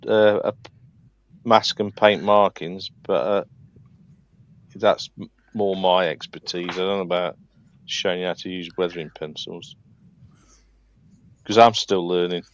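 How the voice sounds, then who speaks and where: A man's voice: low voice, fairly even intonation, a little slow, long pauses, dull audio. A man chatting casually on a live panel call, hesitant with many ums and restarts. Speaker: scale modeller on a live panel. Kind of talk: casual chat. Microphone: video call.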